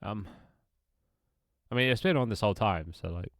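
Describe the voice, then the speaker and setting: A lowish-voiced man with a stuffy nose rambles at a moderate pace while livestreaming his game development. Casual jokes, self-mockery, and easygoing swearing fill his talk, captured in a dry, studio-quality recording.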